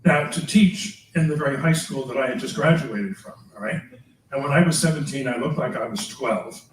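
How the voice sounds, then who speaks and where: Older priest giving a chatty lecture, chuckles a lot, sounds far from the mic in a boomy room. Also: male voice, normal speed, echoey room, slight background noise. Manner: chatty, chuckling, tags remarks with "all right?". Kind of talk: lecture with personal anecdotes.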